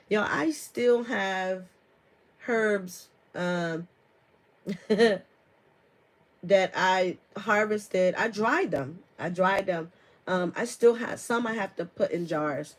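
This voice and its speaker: A woman's voice: mid-range voice, drawn-out words, rough recording. A woman hosting a live stream as an herbalist, talking casually with lots of fillers and reading viewer comments aloud. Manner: chatty, laughs often, many fillers; reads viewer comments aloud and answers them.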